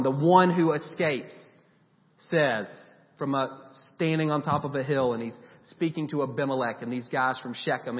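A man preaching a sermon, retelling Bible stories in a lively, animated way and giving the people in them voices. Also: mid-range voice. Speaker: pastor. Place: church sanctuary. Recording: dull recording with long reverb.

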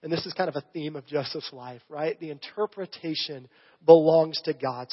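Husky-voiced man preaching in a reverberant hall. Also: on the high side, normal speed. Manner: conversational, asks the audience "right?". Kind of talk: sermon teaching through scripture. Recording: long reverb, dull lo-fi sound.

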